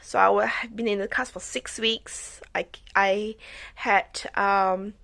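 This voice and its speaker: A woman's voice: mid-range voice, flat delivery, takes it slowly, creaky, a bit bright, slight background noise. A woman vlogger and mother chatting casually in a rambling story-time vlog, with many restarts and fillers.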